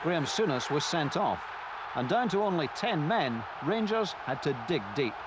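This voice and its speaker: A man giving measured, expressive scripted narration for a sports documentary. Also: fairly high pitch, crowd noise, background noise.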